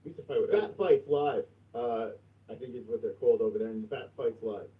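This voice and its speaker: A man's voice: medium pitch, fairly quick. Profane ranting man, muffled distant stream. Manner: profane, loud, shouting rants. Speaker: livestream host. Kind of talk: casual livestream rant.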